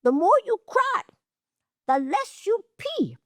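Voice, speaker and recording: A woman voicing a toothless old aunt, a blunt and wise family matriarch with a high, drawling, quavering voice. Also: very animated, takes it slowly, no room sound, studio quality, heavily acted. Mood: wry, blunt. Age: over 60.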